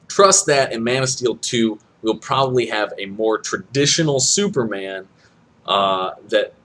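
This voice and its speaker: A young man from Kansas giving his opinion in a casual vlog, animated and excitable, with sudden jumps up to high exclamations. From Kansas, USA. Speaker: vlogger reviewing a movie.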